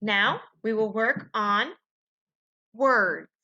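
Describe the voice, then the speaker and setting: A woman teaching a phonics lesson to young children, slowly sounding out letters and sounds and asking them to echo her. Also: mid-range voice, pushed and bright, lo-fi sound.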